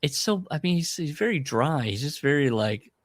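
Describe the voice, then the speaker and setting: A man's voice: normal speed, no echo. A man co-hosting a podcast in casual comedic chat, joking around and trying impressions. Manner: jokey, tries impressions, lively pitch swings. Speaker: podcast co-host.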